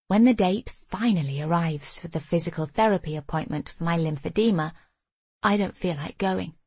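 An older woman narrating a memoir audiobook in a measured, intimate first-person voice. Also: on the low side, warm tone, slightly rough, dry recording.

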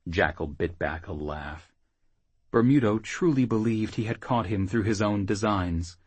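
A man narrating an audiobook in a measured, low-key way. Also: husky, dry recording.

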